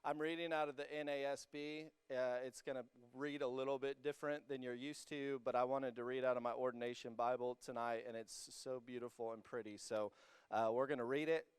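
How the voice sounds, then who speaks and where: A young man preaching to a student congregation, energetic and joking with the crowd, rising to emphatic peaks as he reads scripture. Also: mid-range voice, brisk, clear, resonant tone, no room sound. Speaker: youth pastor. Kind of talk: sermon. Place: church hall with a student congregation.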